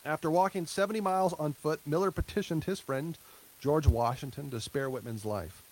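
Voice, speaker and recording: A man's voice: on the high side, normal speed, low-quality recording. A male pastor giving a conversational sermon, with asides to the congregation and a closing prayer. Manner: conversational preaching with light laughs and asides.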